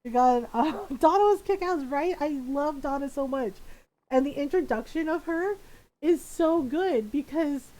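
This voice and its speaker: Woman streamer, gaming chat; a touch high, animated, laughs a lot, rambles. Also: measured pace, poor audio.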